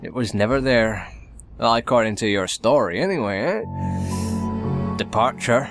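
A man's voice: fairly low pitch, unhurried, creaky, over music. A man giving casual, rambling commentary while playing a video game, with wry asides. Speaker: let's play host.

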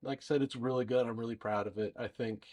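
A young adult man, an independent filmmaker co-hosting a casual podcast with his father, talking in a relaxed, rambling way with frequent restarts. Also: medium pitch, fast talker. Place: indoor dining room.

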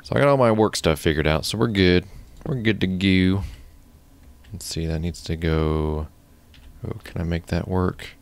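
A man's voice: sits low, creaky. A man hosting his own gaming channel, chatting casually and thinking aloud while he builds. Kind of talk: casual gameplay commentary.

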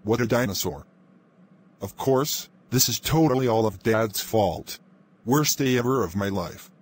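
Brief: man playing a whiny, scheming young dino, mid-pitched. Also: expressive, measured pace, a little hiss or hum, lightly acted. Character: young male dinosaur, mischievous troublemaker.

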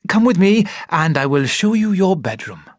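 A bossy, falsely cheerful middle-aged spinster, put on by a male reader for a storybook. Her voice climbs higher than the narration and moves a lot. The sound is dry and close. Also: very animated, normal speed, no echo. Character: brisk middle-aged spinster sister of a doctor.

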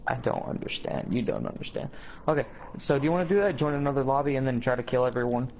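Man, gravelly voice, teasing and goofy while gaming; muffled audio. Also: medium pitch, very animated, quick pace, slight background noise. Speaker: gamer on a live broadcast. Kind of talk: casual chat while gaming.

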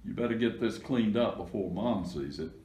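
A man's voice: on the low side, expressive, normal speed, darkish tone. A man voicing a bossy, teasing little sister in a plain storybook reading. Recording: echoey room.

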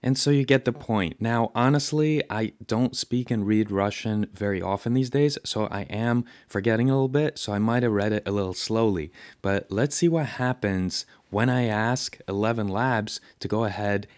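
A man hosting a software tutorial, talking casually and enthusiastically over his screen recording. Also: lowish voice, moderate pace, few pauses, dry recording. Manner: chatty, enthusiastic, conversational. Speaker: tutorial host.

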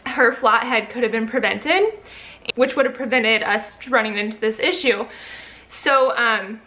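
This vlogger, a young woman who just became a mother, has a sharp tone and a voice on the higher side. Her talk with her audience is loose and filler-heavy, and at moments she grows emotional, even tearful.

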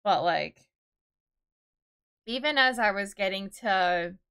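A young woman in her twenties chats casually on a live stream. Her voice sits at an everyday middle pitch, and her talk rambles with lots of "like" and "dude". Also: lively intonation, takes it slowly, a bit bright, clean tone. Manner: chatty and rambling, full of "like" and "dude".

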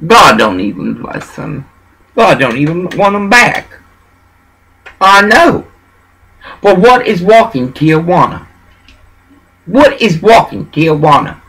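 Husky, high-voiced man. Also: sing-song, slow pace, long pauses, fairly bright tone, poor audio. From Texas. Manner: preachy, meandering, emphatic. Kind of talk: rambling monologue.

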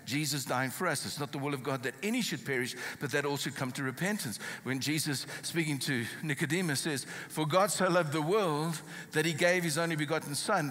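A man's voice: on the high side, a bit bright. A South African man preaching a sermon, reading scripture aloud with emphatic stress. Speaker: pastor. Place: church hall. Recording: reverberant church hall.

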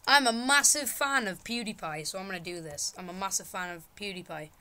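A British woman hosts a let's-play with a bright, sharp-edged voice. She yelps and shouts whenever her run goes wrong. Between the outbursts she tosses off jokey, mock-dramatic insults at the screen. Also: mid-range voice, a little fast, hardly any pauses. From Britain. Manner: excitable, yelping and shouting at in-game mishaps. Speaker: gaming channel host. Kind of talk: casual let's-play commentary.

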